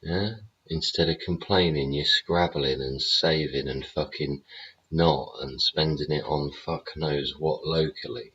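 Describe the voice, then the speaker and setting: A man's voice: extremely low pitch, steady tone, measured pace, a bit bright, a little hiss or hum. A man hosting a show, ranting bluntly and sarcastically with heavy swearing. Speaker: show host. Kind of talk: ranting livestream commentary. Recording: dull lo-fi audio.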